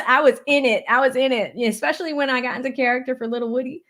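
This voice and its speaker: A woman's voice: sits high, rapid-fire, few pauses. A woman from the Boston area hosting a casual livestream, chatty and effusive as she reads out viewer donations. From Boston area, USA. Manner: chatty and effusive, with many thank-yous and shout-outs. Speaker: livestream host of a legal commentary channel.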